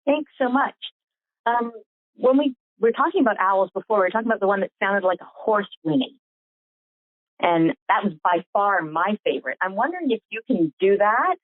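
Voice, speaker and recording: A woman's voice: mid-range voice, expressive, moderate pace, dry recording. Woman host on a phone line. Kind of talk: moderating a conference call. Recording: tinny phone line, dry.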